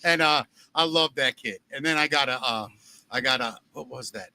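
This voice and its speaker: A man hosting a podcast in casual chat, telling animated stories and swearing freely. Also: mid-range voice, normal speed, no room sound. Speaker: podcast host.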